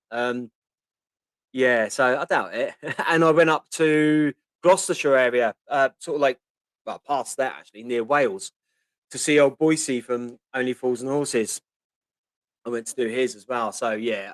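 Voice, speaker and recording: A man's voice: medium pitch, fairly bright tone, dry recording. A man from Portsmouth with a Cockney-tinged Portsmouth accent, hosting a casual live Q&A. He rambles in a chatty way, reads viewer comments aloud and fills gaps with ums. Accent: Portsmouth English, Cockney-tinged. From Portsmouth, England. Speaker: live stream host.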